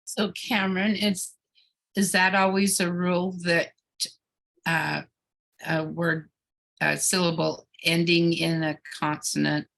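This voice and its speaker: Low creaky woman asking hesitant questions. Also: level tone, takes it slowly, pauses often, a bit bright. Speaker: student.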